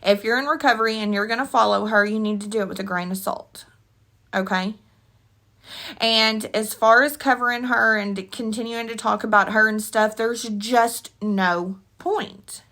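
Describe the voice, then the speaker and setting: A woman's voice: on the high side, steady tone, moderate pace, pushed and bright. Heated, tearful woman ranting to camera. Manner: heated, blunt, rambling, with slangy asides. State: tearful, with a runny nose. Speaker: commentary vlogger. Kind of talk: emotional opinion rant to camera.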